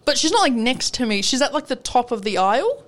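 Lively high-voiced Australian woman. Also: a little fast. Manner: animated, laughs often, acts out dialogue. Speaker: radio show co-host. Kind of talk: casual storytelling chat.

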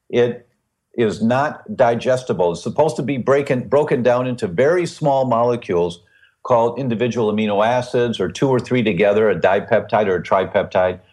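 Animated older-sounding man explaining with analogies. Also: medium pitch. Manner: animated, teacherly, explains with vivid analogies and repetition. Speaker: guest expert on gluten and health. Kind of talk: explanatory podcast interview.

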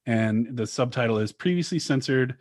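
A man's voice: medium pitch, lively intonation, normal speed, darkish tone. A man co-hosting a casual podcast, recounting a story at length with frequent restarts. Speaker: podcast co-host.

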